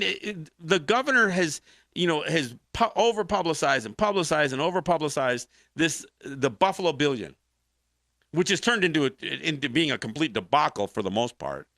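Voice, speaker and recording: A man's voice: fairly high pitch, normal speed, vocal fry, dry recording, clean studio sound. A man hosting a political talk show, arguing a point with passion and many restarts. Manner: animated, impassioned commentary with frequent restarts.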